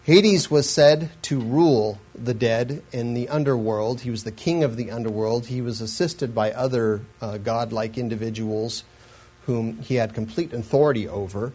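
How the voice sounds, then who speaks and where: A man's voice: mid-range voice, moderate pace, a little mellow, breathy edge, rough recording. A man giving an earnest, explanatory Bible lesson in a sermon style, with asides and frequent restarts. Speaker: Bible teacher.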